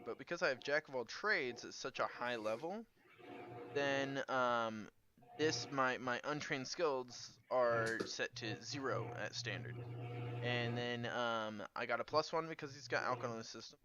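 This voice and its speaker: A man playing a tabletop game on stream, chatty and quick to laugh, walking through his character sheet. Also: mid-range voice, background noise. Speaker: player. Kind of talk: casual game table chat. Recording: dull lo-fi mic.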